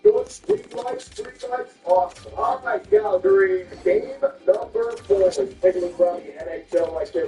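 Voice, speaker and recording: A man calling a hockey video game from Canada, his high, dark voice leaping all over the place as calm play-by-play breaks into loud cursing outbursts. He sits a bit back from the mic in an echoey room, with faint music playing underneath. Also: recorded from a distance, highs cut off. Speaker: gaming commentator.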